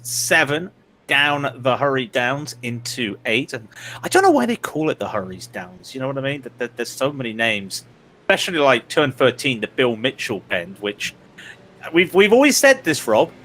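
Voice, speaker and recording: Man, West Country accent, sim race co-commentator, rambling, jokey, bright tone, faint background noise. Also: medium pitch. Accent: West Country English. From England. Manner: chatty, jokey, rambling with many restarts.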